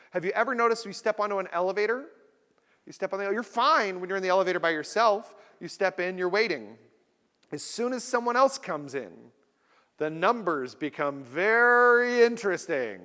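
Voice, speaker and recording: A man with a fairly high voice gives a funny keynote talk. He carries his stories along by playing the people in them. The sound has a long hall echo around it. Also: pushed and bright. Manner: storytelling, acts out voices for effect. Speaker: keynote speaker. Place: large conference hall.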